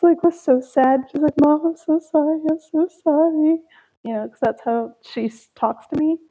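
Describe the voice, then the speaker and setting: A woman's voice: fairly high pitch, creaky. Chatty young woman, tinny phone-like sound. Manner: chatty storytelling, sighs and laughs. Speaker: podcast host. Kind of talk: casual solo podcast chat.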